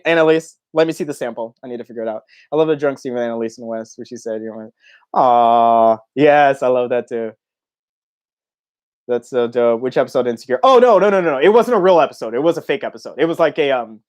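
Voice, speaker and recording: A young man hosting a casual livestream Q&A, chatting loosely, reading viewer comments aloud and laughing often. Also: medium pitch. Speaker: YouTube host.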